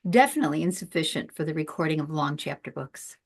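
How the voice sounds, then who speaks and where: A woman's voice: low-pitched, expressive, quick pace, gravelly. A woman hosting a casual podcast over a video call, chatty and laughing at her own asides. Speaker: podcast host.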